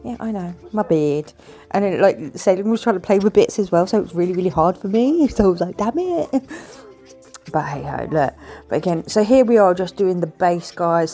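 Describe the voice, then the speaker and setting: A woman chatting quietly and enthusiastically as she talks through a building video. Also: on the low side. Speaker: Lego building vlogger. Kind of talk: casual chat over a build video.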